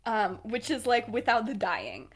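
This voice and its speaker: Young female podcast co-host, slightly high voice, loose chatty delivery full of fillers and laughs. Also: big pitch swings, measured pace, husky. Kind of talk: casual storytelling chat.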